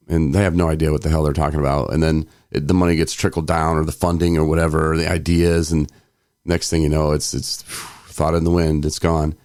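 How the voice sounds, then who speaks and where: A man's voice: extremely low pitch, flat delivery, fairly quick, darkish tone, no echo, studio quality. A man co-hosting a recovery podcast, talking in a rambling way, laughing often and acting out quotes. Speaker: podcast co-host. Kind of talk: casual chat.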